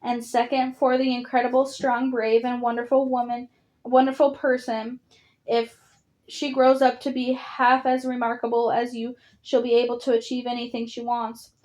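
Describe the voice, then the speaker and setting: A woman reading the lines of a grateful young mother, soft and heartfelt. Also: on the high side, flat delivery, normal speed, close to an everyday voice. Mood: tender.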